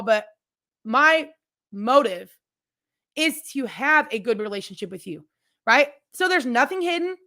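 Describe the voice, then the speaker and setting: A woman's voice: fairly high pitch, pushed and bright. A woman hosting her own podcast, telling a personal story in a candid, chatty way, talking straight to her listeners and often restarting sentences or going off on asides. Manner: rambling with frequent restarts and asides. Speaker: podcast host. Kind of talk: personal storytelling, casual chat.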